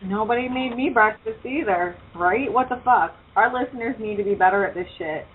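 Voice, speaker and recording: A woman's voice: medium pitch, fairly quick. A woman hosting a laid-back internet radio show. She chats in a loose, profane way. The sound is tinny and phone-like, with a faint hiss underneath. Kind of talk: casual internet radio chat.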